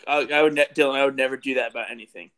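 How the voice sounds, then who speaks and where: A man's voice: mid-range voice, fairly even intonation, very fast, a bit bright, clean tone. A young man co-hosting a podcast who laughs at his own jokes and riffs in casual banter with friends. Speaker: podcast co-host.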